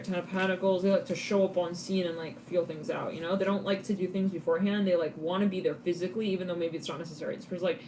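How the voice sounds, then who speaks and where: A woman giving a live tarot reading in a chatty, casual way, laughing often and breaking into quick asides. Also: lowish voice, fairly even intonation, mellow, a little hiss or hum. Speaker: tarot reader.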